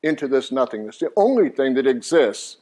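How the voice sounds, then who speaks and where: An older man presents a Christian teaching course in a church meeting room, engaging the live audience with jokes and questions in a jovial manner. His medium-pitched voice has a dark tone and a sing-song, brisk delivery.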